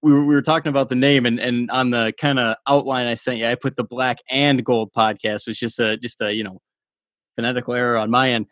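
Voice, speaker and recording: A man's voice: mid-range voice, flat delivery, quick pace, a bit bright, no echo. Male podcast host, mid-range voice, chatty and upbeat, dry close mic. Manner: laughs easily, upbeat and chatty. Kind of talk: casual interview chat.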